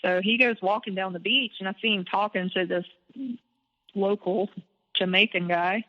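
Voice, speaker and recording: A woman guest telling a personal story in an animated, candid way, with some swearing. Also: mid-range voice, moderate pace. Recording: dull lo-fi audio with long reverb.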